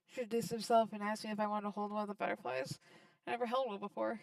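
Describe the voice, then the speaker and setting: A woman voicing a large, gentle man who is grieving, speaking softly and quietly. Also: medium pitch, steady tone, fast, creaky, dry recording, distant mic, lightly acted, low-quality recording. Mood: sad.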